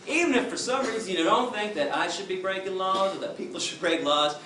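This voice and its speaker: A man's voice: high voice, a little fast, pushed and bright. A middle-aged man giving an impassioned, emphatic talk to a crowd, telling his story. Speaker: activist speaker. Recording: distant echoey room with noise.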